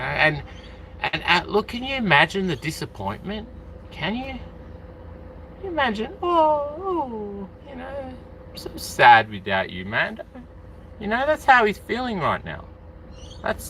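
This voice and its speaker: An animated man hosting a casual live stream, rambling freely and calling out to viewers by name. His voice is bright and lively, jumping around in pitch. He sounds like he is from Australia. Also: gravelly, slight background noise.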